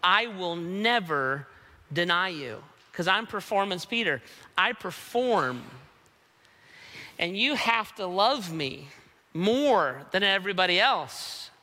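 A preacher acting out a cocky, bragging apostle. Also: male voice, high voice, expressive, slow pace, pushed and bright, big-room sound, exaggerated voice. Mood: boastful. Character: boastful apostle Peter, a proud grown man.

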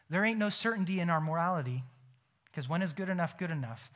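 Young guy pastor preaching, kinda high voice, gets real animated. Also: fast talker. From Ohio. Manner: animated and emphatic, acting out imagined phone calls. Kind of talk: sermon.

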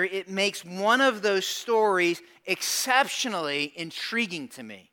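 High, bright-voiced man preaching a sermon. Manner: animated storytelling, acts out voices of the people in the story. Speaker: pastor.

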